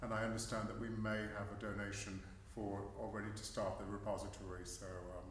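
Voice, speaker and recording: A man's voice: lowish voice, flat delivery, fast talker. Man speaking in an echoey hall. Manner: chatty, warm laughter, frequent fillers. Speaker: vocal tutor and researcher. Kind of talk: conversational Q&A at a research forum. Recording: echoey hall, distant mic, faint hiss.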